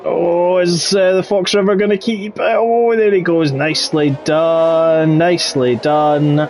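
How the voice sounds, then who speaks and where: High, excitable male race commentator. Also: slow, crowd noise. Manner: excitable, voice jumps high in close battles. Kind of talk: live sim racing commentary.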